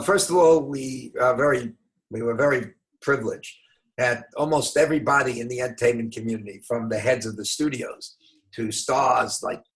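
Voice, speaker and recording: An older man from New York, a rabbi being interviewed, telling stories in an unhurried, anecdotal way with emphatic moments. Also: medium pitch, fairly bright tone. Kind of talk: conversational storytelling.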